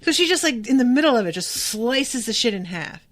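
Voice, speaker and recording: A young adult woman hosting a podcast reads a novel aloud at normal speed in a fairly high voice. She keeps breaking off into casual, profane, excited reactions.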